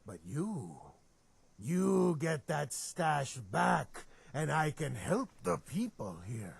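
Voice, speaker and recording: Ghoul dealer guy w spanish accent, super gravelly and husky, slick sales talk. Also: on the high side, sing-song, slow pace, no room sound, heavily acted. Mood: persuasive. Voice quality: raspy, gravelly. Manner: slick, persuasive salesman patter. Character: raspy male ghoul, smooth-talking chem peddler. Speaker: game character.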